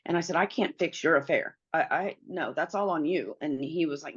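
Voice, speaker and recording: A middle-aged woman with a deep, low voice recounts a personal story as an interview guest. She speaks earnestly and acts out the lines she quotes. The recording sounds dull and lo-fi. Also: a little fast, few pauses, breathy edge.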